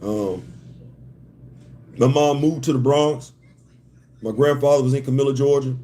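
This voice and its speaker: A man's voice: mid-range voice, measured pace, dark tone. A man hosting a casual livestream chat from a hotel room, joking and repeating his phrases. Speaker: host.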